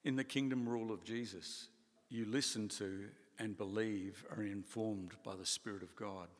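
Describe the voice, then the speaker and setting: A man preaching a sermon in a conversational, animated way, with playful asides. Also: lowish voice, moderate pace, long reverb tail. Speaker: pastor.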